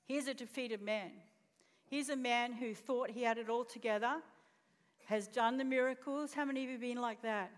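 A woman pastor preaching in a high, bright voice, telling the story with animation and asking the congregation questions. Her words carry through the long reverb of a church auditorium. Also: fairly even intonation, moderate pace. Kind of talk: sermon.

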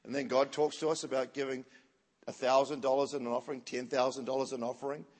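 A man preaching a story-driven sermon, animated and laughing, acting out what people said. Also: mid-range voice, quick pace. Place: church hall. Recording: long church-hall reverb.

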